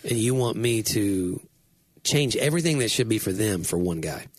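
Husky male pastor, casual chatty storyteller, pokes fun at himself, dry room. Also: lowish voice, normal speed, dry recording. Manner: animated, self-deprecating, rambling storyteller. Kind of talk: casual chat.

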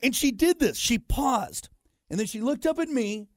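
A man's voice: extremely high pitch, lively intonation, normal speed, dry recording. A man in his thirties hosting a morning radio show, telling a self-deprecating story full of fillers. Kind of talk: casual morning show banter. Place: radio studio. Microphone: studio microphone.

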